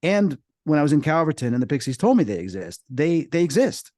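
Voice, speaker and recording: A middle-aged man, a paranormal investigator, talking as a podcast guest in a casual storytelling way, animated and lively. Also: a little high, brisk, dry recording, clean studio sound. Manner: animated, acts out quoted voices.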